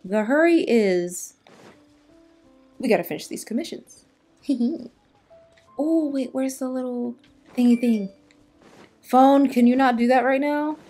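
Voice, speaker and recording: Hoarse, tired woman chatting over gameplay. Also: high-pitched, takes it slowly, long pauses, dark tone, faint music behind. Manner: chatty, talks to herself and exclaims at the game. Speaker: gaming YouTuber. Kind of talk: casual gameplay commentary.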